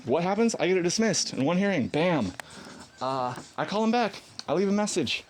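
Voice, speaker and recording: A man telling a story in a casual monologue, animated and defiant, acting out quoted dialogue in a higher voice and laughing often. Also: normal speed, a little hiss or hum. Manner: defiant, combative. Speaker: vlogger.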